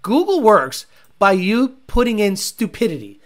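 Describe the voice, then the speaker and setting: A man chatting loosely on a livestream, answering viewers between searches and bursts of laughter. He swears freely and rambles, with a lively, swinging pitch. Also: measured pace. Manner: rambling, profane, laughing often. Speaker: livestream host reading chat. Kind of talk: casual livestream chat.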